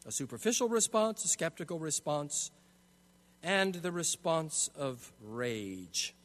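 A man's voice: fairly high pitch, animated, slow pace, a bit bright. A man preaching an expository sermon, emphatic, often restarting his phrases. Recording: long hall reverb.

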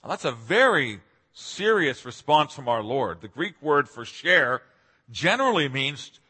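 Bright, husky-voiced man preaching in a hall. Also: medium pitch, big pitch swings, a little slow. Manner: earnest expository preaching with emphatic rises. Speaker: pastor. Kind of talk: sermon.

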